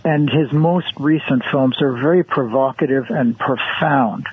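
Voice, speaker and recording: A man's voice: mid-range voice, unhurried, breathy edge, no echo. A man on a radio show giving enthusiastic, opinionated views on film actors. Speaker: film critic guest. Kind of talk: casual radio interview. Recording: muffled radio broadcast.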